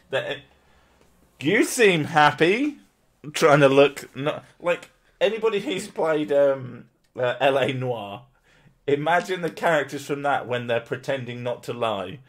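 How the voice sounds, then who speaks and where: A man who streams, reading an article aloud in casual chat, swearing and mocking it with frequent laughs. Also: mid-range voice.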